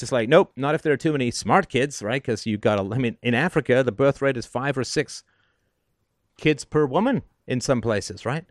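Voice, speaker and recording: A man's voice: mid-range voice, a little fast, no echo, studio quality. A man hosting a call-in show, giving advice in an emphatic, sardonic monologue and often asking "right?".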